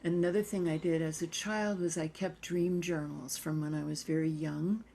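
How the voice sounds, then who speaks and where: An older woman talks in an interview with a reflective, unhurried manner. Her voice sits a little low for a woman. Now and then it softens into a near whisper. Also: steady tone, gravelly, a little hiss or hum. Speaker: dance therapist.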